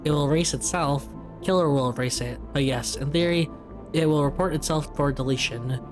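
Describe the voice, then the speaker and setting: Reading game dialogue aloud, a man delivers the choppy lines of a fugitive AI lodged in a vending machine, sounding close to his everyday self. His voice is on the high side and a little quick, with game music running underneath.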